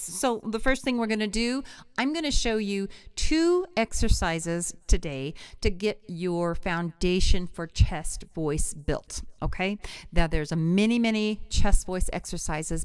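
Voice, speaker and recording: Middle-aged woman, live vocal coach; smooth, resonant voice, close and dry; chatty, digresses. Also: lowish voice, no echo. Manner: chatty, digressive, warmly enthusiastic. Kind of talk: live-streamed singing lesson.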